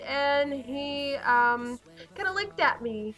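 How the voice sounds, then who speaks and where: Bright high-voiced bubbly teen girl. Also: unhurried, muffled recording. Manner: bubbly, giggly, lots of fillers like um and like. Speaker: vlogger. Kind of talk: casual storytime chat.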